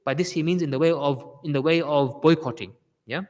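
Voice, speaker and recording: A man's voice: on the high side, brisk, a little mellow, in a large hall. A man delivering a Friday sermon with passion, often repeating his phrases for emphasis. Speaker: preacher giving a Friday sermon.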